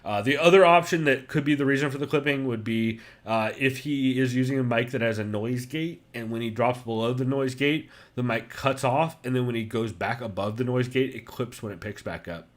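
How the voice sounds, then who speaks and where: Brief: male podcast host, mid pitch, rambling casual delivery, swears freely. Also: fairly quick, hardly any pauses. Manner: loose and profane, many fillers.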